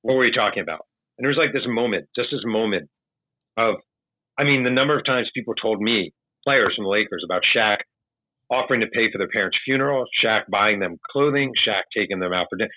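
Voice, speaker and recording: A man with a fairly low voice tells animated stories in a relaxed, chatty way. He slips into the voices of the people he quotes. The sound is dry and tinny, like a remote call line. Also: fairly quick, no echo. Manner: animated anecdotal storyteller, acts out quotes. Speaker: author guest. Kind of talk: casual storytelling.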